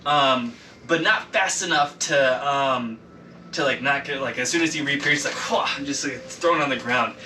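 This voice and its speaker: A man's voice: mid-range voice, normal speed, sharp tone, roomy sound. Rambling man running a tabletop game. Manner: loose, rambling, full of ums and swearing. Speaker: dungeon master. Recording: distant mic with clear background noise.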